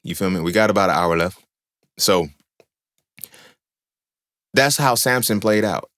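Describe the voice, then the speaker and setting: A man's voice: low-pitched, unhurried, fairly bright tone. A young man hosting a podcast, talking in a casual monologue, slangy, profane and emphatic as he tells stories. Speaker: podcast host.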